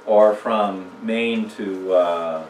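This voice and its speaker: Speaking extremely slowly in a fairly low voice, a man runs a casual church communication seminar, posing questions to attendees and telling jokes. The background is noisy, and the distant mic catches the echo of the church room.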